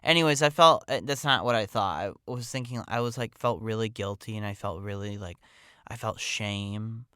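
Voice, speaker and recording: Male podcast storyteller, chatty and meandering, crisp bright tone, close dry sound. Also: lowish voice, moderate pace, dry recording. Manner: rambling, full of "like" and "um". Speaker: podcast host telling a personal story. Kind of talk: casual storytelling monologue.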